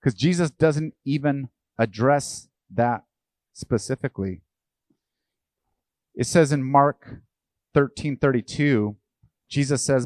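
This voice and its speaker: A man's voice: mid-range voice, slow pace, long pauses, a little mellow, no echo. A man preaching a sermon as pastor. He asks his listeners questions and acts out the voices of the people he quotes.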